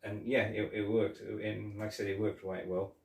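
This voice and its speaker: A man's voice: fairly low pitch, little pitch movement, moderate pace, creaky, darkish tone. A man hosting a podcast, chatting casually about a film, rambling and retelling scenes with laughs. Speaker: podcast host. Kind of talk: casual film review chat. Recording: roomy echo, mic at a distance.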